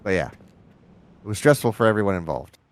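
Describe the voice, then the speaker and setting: A man's voice: on the low side, animated, moderate pace. A man co-hosting a livestream, retelling a story in a flustered, stumbling way. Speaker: livestream co-host. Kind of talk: casual storytelling chat.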